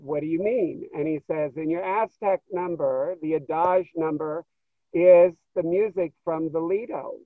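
A man guest in an interview, telling stories in an animated way and acting out what people said. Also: sits high, no room sound. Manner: animated, acts out quoted dialogue. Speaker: interview guest, show producer. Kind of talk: storytelling interview. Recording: tinny phone line, dry.

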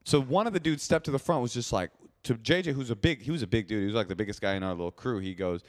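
A man's voice: medium pitch, fast. Man telling a rambling comic anecdote. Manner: animated, rambling anecdote with frequent restarts and fillers. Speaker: podcast co-host. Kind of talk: casual comedic storytelling.

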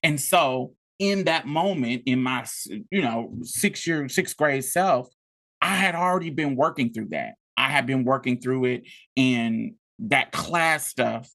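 A man's voice: mid-range voice, measured pace, gravelly, pushed and bright. A man from rural Mississippi, telling a personal story in an intense, profane, emotional way. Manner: intense, profane, tearful at times. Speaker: podcast co-host.

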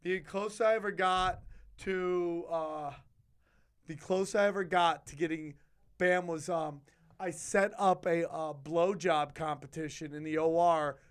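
A man with a high voice spins a rowdy anecdote on a podcast. He swears freely and jumps into loud, animated impressions of the people in his story. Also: measured pace, smooth. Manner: animated, profane anecdote-telling with loud acted quotes. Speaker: podcast guest. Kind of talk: casual storytelling.

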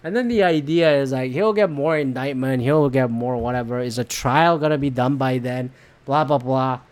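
A woman's voice: a bass voice, moderate pace, darkish tone. A woman hosting a solo podcast, ranting about politics bluntly and profanely, rambling with lots of fillers and restarts. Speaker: podcast host. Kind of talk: solo political commentary rant.

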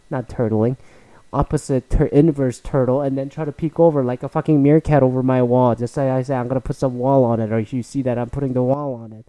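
A man's voice: medium pitch, steady tone, a little fast, warm tone, no room sound, rough recording. A young man hosting his own podcast, talking alone in a profane, rambling, sarcastic way. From immigrated to Canada. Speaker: podcast host. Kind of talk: casual solo podcast rant.

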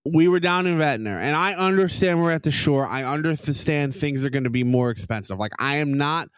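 Young male podcast co-host, fired-up ranter, high-ish voice, dry close mic. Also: fairly quick, clear, resonant tone, dry recording. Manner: heated, swearing, animated storytelling. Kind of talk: profane comedic rant.

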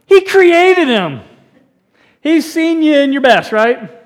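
A man preaching a sermon in a church, animated and joking, often restarting his sentences. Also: very high-pitched, takes it slowly. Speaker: pastor.

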